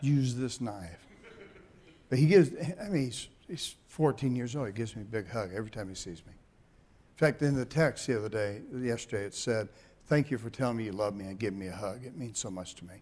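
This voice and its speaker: An older man, a pastor, telling folksy family stories in a sermon, animated and laughing at his own jokes. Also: fairly low pitch, brisk, slightly rough. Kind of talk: sermon storytelling.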